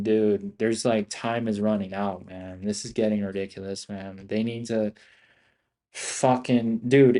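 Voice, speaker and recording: A man's voice: mid-range voice, dark tone. A young man live-streaming his stock trades, frustrated and swearing constantly, calling out "bro" and "dude" as he talks to viewers. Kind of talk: live trading commentary.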